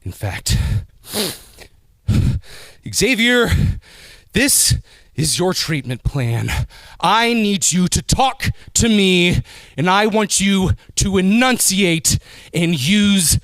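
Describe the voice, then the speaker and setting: A man's voice: high voice, lively intonation, extremely slow, a bit bright, dry recording, clean studio sound. A man cutting an in-character wrestling promo, theatrical and mock-clinical, over-enunciating his words.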